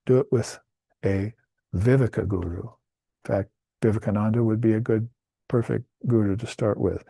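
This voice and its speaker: A man's voice: lowish voice, gravelly, dark tone, dry recording. A man giving a spiritual talk as a teacher, explaining Sanskrit terms with fillers and restarts along the way.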